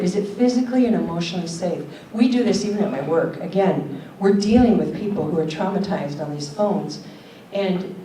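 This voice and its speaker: Older lady giving a heartfelt talk, lowish mellow voice, echoey room, kinda distant. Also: a little hiss or hum. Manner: earnest, questioning, tells stories. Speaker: keynote speaker. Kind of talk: conference talk. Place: conference hall. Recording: roomy hall audio from a distance.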